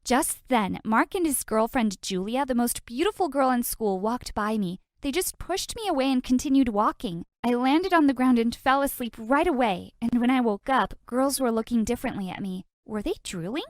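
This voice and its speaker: A woman tells an animated storytime with sassy, dramatic flair and plenty of exclamations. Her voice sits fairly high. The recording is dry and close, with no room sound. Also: moderate pace, hardly any pauses, dry recording.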